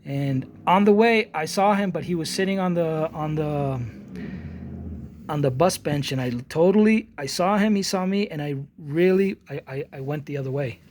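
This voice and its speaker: This artist vlogger in his forties has a slightly high, darkish voice at normal speed, with some faint background noise. His casual monologue rambles with frequent restarts and repeated words as he voices both sides of an argument in a story.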